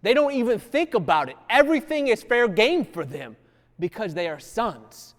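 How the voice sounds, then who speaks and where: Man preaching, fervent, hushed to shouting, casual dialect, slightly high voice, long reverb. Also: big pitch swings, normal speed. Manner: fervent, swings from hushed to loud exhortation; casual dialect phrasing, acts out quotes. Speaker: Bible teacher. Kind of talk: preaching Bible study.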